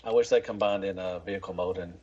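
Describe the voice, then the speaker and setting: A man's voice: sits low, fairly even intonation, fast talker, warm tone, husky, highs cut off. A man hosting a podcast in casual, rambling chat, swearing freely. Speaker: podcast host.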